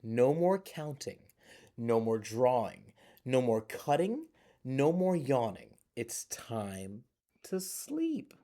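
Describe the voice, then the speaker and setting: Storybook mom, firm and fed up, scolding with a warm, mellow tone voiced by a man. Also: medium pitch, big pitch swings, takes it slowly. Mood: stern. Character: stern, fed-up mother, adult woman.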